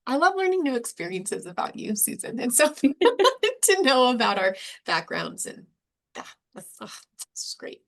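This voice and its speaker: A woman's voice: on the high side, very animated, moderate pace, a bit bright. Woman, trainer, upbeat, workshop presentation, acts out example dialogues.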